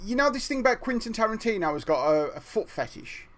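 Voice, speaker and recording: A man's voice: high-pitched, very animated, fast, fairly bright tone. A man co-hosting a live stream, reading out chat messages and rambling in a self-deprecating way. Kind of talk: casual livestream chat.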